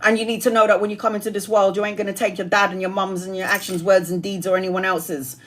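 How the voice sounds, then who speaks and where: A woman's voice: mid-range voice, little pitch movement, a bit bright. Chatty, blunt woman reading tarot live. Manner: chatty and blunt, swears casually, lists card meanings rapidly. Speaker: tarot reader.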